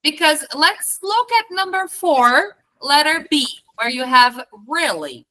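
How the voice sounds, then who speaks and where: A woman teaching an online English class, patient, explaining slowly and demonstrating intonation. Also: high voice, sing-song, sharp tone, poor audio.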